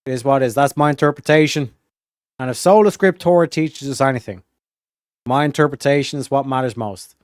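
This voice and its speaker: Fired-up, cursing streamer. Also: male voice, medium pitch, brisk, dry recording, clean studio sound. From Ireland. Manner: heated, swears a lot, acts out voices. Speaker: streamer reacting to clips. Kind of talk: casual profane commentary.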